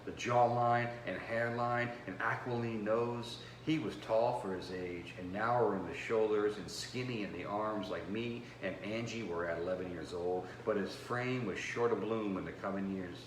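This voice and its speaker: A man, the author and host, reading his own noir novel aloud in a measured first-person storytelling voice, recorded in a home kitchen. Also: lowish voice, slight background noise. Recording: roomy with faint background ambience.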